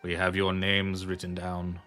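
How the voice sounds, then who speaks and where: A man voicing a weary, formal male police inspector, hesitant and measured. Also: low-pitched, monotone, pushed and bright, soft background music.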